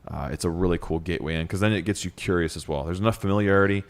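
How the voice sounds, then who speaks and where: Very deep-voiced man, podcast co-host. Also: very fast. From Ohio, USA. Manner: enthusiastic, reads letters with asides. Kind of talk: casual podcast chat, reading listener letters aloud.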